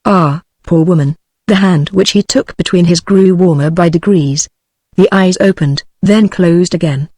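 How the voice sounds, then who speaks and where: A synthetic British woman's voice narrating an audiobook in an even, measured way. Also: lowish voice, no echo. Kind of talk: text-to-speech book reading.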